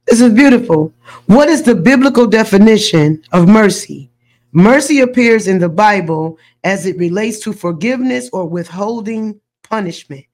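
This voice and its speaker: A woman's voice: mid-range voice, animated, a little slow, darkish tone. A woman hosting a faith podcast, talking in an emphatic, preachy way and repeating words as she builds a point. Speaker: podcast host. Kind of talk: faith discussion.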